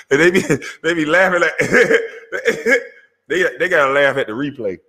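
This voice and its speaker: A man with a Southern US accent hosting his own show in a loud, animated, profane rant, often laughing as he talks. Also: a little high, measured pace, long reverb tail. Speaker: show host.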